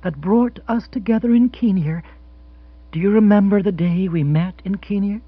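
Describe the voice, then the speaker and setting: A man voicing a grand, theatrical wealthy widow in an audiobook, dreamy and breathy in her romantic pronouncements. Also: high-pitched, normal speed, no echo, pitched above the performer's own voice. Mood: rapturous. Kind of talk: audiobook character voice. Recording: dull lo-fi sound.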